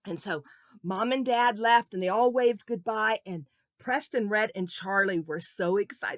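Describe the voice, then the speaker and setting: A woman narrating a children's Bible story in an animated way, asking the young listeners questions. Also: mid-range voice, normal speed, no echo.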